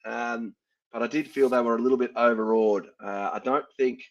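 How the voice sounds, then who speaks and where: A man's voice: mid-range voice, fairly even intonation, moderate pace. An Australian man hosting a sports podcast, chatting casually and laughing at his own fumbles. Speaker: podcast host. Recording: dull lo-fi sound.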